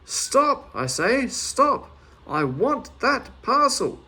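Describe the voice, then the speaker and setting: A man acting out a big angry storybook man, bellowing slow, drawn-out demands in a high, strained voice. The shouting has a gravelly, husky rasp. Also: big pitch swings, heavily acted. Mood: furious.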